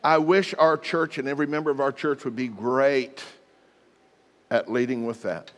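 A man's voice: mid-range voice, steady tone, normal speed, in a large hall. A middle-aged male pastor preaching, acting out short example apologies and leading the congregation in practice. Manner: acts out short example apologies in different voices; leads the congregation in spoken practice. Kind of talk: sermon.

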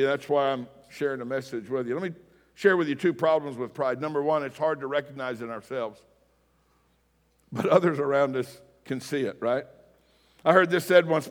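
A man preaching a sermon as pastor, telling stories in a casual, self-deprecating way. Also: a little high. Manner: conversational, storytelling, self-deprecating. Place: church sanctuary. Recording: long reverb of a hall.

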